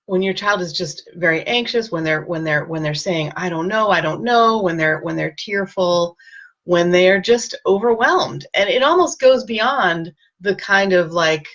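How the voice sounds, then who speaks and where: A woman hosting a casual live-stream with parenting advice, speaking gently and reassuringly and greeting viewers by name. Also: on the low side, animated, measured pace, dull audio.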